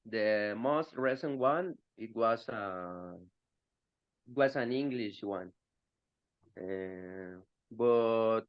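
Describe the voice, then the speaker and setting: A male student answering in a class discussion, speaking English as a with many pauses and fillers. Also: medium pitch, no echo, highs cut off.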